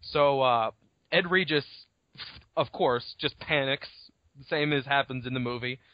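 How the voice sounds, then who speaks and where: A man co-hosting a casual book podcast, retelling the story in an animated way, swearing freely and laughing often. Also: medium pitch, unhurried, dry recording. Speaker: podcast co-host. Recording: dull lo-fi dry recording.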